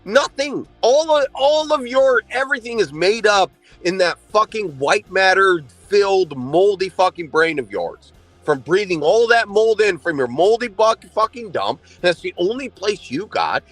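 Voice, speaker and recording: A man's voice: high-pitched, fairly bright tone, no room sound. A man livestreaming an angry, profane, insulting rant.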